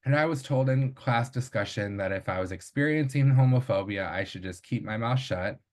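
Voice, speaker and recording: A man presenting research at an academic showcase, speaking in a measured way with frequent fillers and small self-corrections. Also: medium pitch.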